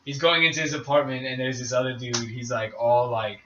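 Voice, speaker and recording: A young man co-hosting a podcast, telling a rambling story among friends with halting restarts, frequent laughs and casual swearing. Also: mid-range voice, flat delivery. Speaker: podcast co-host. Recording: roomy echo, distant mic, faint room hiss.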